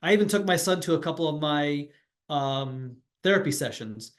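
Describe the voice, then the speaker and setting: A man's voice: fairly high pitch, animated, moderate pace. Candid man recounting his struggle. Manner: candid and reflective, with frequent restarts. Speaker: pediatrician and webinar panelist. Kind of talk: personal account on a professional webinar.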